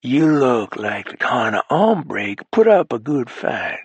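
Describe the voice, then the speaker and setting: A man voicing a menacing cowboy killer who talks low in a long, slow drawl. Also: sing-song, breathy edge, no room sound, heavily acted. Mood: taunting.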